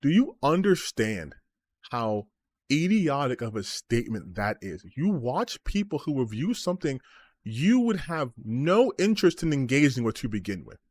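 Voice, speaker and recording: A man's voice: mid-range voice, very animated, moderate pace, a little mellow, no echo. A man streaming as a gaming commentator, ranting about online comments with sarcasm, exasperation and frequent swearing.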